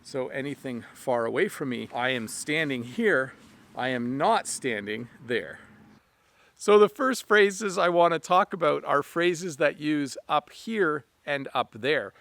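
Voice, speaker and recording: A man teaching an English lesson outdoors, speaking slowly and clearly with simple examples, a little out of breath. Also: on the high side, lively intonation, fairly bright tone. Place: outdoors in the rain. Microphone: camera on a stand.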